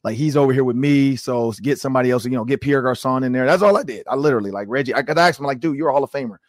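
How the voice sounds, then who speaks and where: A man in his forties hosting a sports podcast, telling stories in a casual, animated way and acting out quotes with lots of "like.". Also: medium pitch, rapid-fire, no echo, clean studio sound. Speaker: podcast host.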